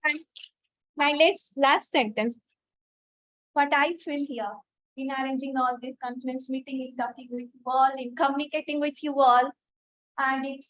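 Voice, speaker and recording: Woman, high voice, emotional thank-you speech, muffled lo-fi video call audio. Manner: warm, effusive and emotional, with many fillers. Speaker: area leader closing a club meeting. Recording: dull lo-fi video call recording.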